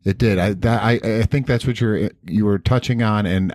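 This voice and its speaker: Tired man with a very low voice. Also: a little mellow, no room sound, clean studio sound. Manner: rambling, halting with restarts. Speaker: podcast co-host. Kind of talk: casual podcast conversation.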